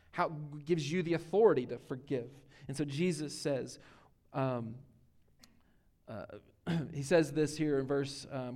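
A pastor preaching a sermon, earnest and emphatic, dropping to a hush for key points. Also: male voice, fairly high pitch, unhurried. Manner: earnest preaching, swinging between emphatic and hushed. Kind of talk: sermon on a Bible passage.

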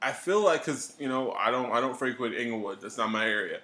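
Male podcast co-host, from Chicago, bright tense voice, laid-back, chuckling. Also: medium pitch, a little fast. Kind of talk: casual banter.

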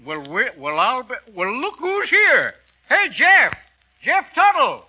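A whooping tipsy rancher. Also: male voice, extremely high pitch, huge pitch swings, slow pace, breathy edge, heavily acted. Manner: whooping, laughing, folksy drawl. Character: boisterous tipsy American rancher, loud and folksy. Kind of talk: 1940s radio acting. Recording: muffled old radio broadcast.

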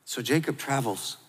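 A man preaching a sermon in a lively, conversational way, drawing the audience into call-and-response. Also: medium pitch, slightly rough. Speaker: pastor. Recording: long hall reverb.

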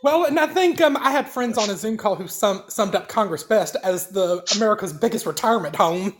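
A woman's voice: medium pitch, animated, brisk. A woman co-hosts a casual podcast panel. She hesitates and fills gaps with ums before making her point. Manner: hesitant, filler-heavy. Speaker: podcast co-host.

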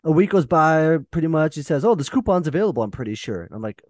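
A man's voice: a little high, very animated, a little mellow, dry recording, clean studio sound. A man co-hosting a casual podcast, telling a long story with playful mock bragging. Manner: mock-boastful, drawn-out storytelling. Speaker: podcast co-host.

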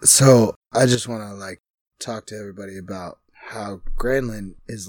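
A man's voice: on the low side, normal speed, darkish tone, no room sound. Joking male player, dry close sound. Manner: joking, loose. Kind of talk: casual chat.

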